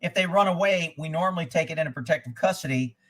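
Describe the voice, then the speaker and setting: High, bright-voiced blunt male streamer. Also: fast talker, poor audio. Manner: profane, blunt and digressive. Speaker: host of a live news and chat stream; former child abduction investigator. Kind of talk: casual rambling storytelling.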